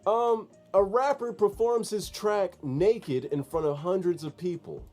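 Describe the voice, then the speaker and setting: A man's voice: high voice, unhurried, darkish tone, soft background music. Joking male co-host reading stories. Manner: joking, acts out quotes with exaggerated voices. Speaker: podcast co-host. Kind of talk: casual chat, reading news stories.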